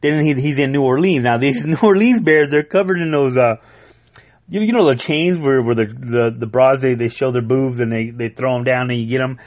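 A man reviewing a comic book in casual chat, rambling, excitable and full of profanity. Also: mid-range voice, normal speed, no echo.

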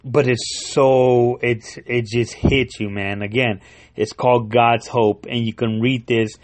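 Excited man retelling a comic story. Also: mid-range voice. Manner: excited, profane, with many restarts and fillers. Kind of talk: casual storytelling monologue.

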